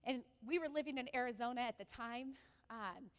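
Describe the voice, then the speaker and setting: A woman pastor preaching a sermon, telling a personal story with animated delivery and asking the congregation questions. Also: on the high side, fairly quick, big-room sound, a little hiss or hum.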